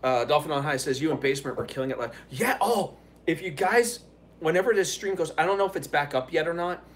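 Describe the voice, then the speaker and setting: Man, slightly high-pitched voice, rambling, profane, laughs often, casual live stream chat. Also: animated, quick pace, a little hiss or hum.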